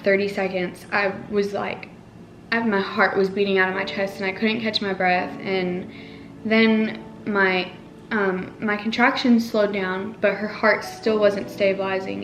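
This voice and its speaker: A young woman telling a personal story to the camera in a casual, emotional way, full of "like"s and restarts. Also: mid-range voice. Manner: emotional, rambling retelling with many "like"s. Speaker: family vlogger. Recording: echoey room with faint music.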